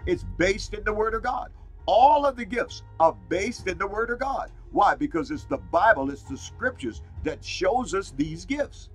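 A man's voice: high-pitched, expressive, unhurried, fairly bright tone, breathy edge, soft background music, low-quality recording. A man preaching a fiery sermon, repeating his phrases and calling out "Glory to God" and "Hallelujah" between points. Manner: fired up, repeats phrases for emphasis.

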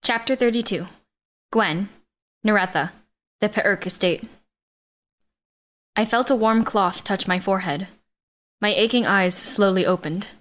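A woman narrating a science-fiction romance audiobook in first person, in a medium-pitched voice. Her reading is steady and even, carrying the action without fuss. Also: unhurried, pauses often.

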